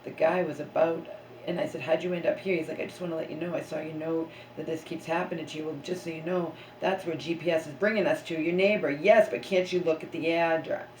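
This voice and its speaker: A woman sits on her bedroom floor and rants at length, in a fairly low voice that keeps asking "okay?" and "right?". The small room rings back around her, with a faint hum of ambience underneath. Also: fairly even intonation, quick pace, darkish tone, roomy sound, rough recording. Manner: ranting, frequent "okay?" asides. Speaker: vlogger. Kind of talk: casual rambling monologue.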